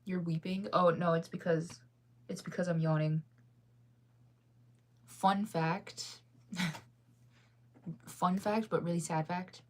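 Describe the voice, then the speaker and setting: A woman's voice: fairly low pitch, steady tone, slow, pauses often, slight background noise. Sleepy woman chatting on stream. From United States. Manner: rambling, giggly, loose and chatty. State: sleepy, yawning. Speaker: livestream host. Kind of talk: casual livestream chat reading viewer comments.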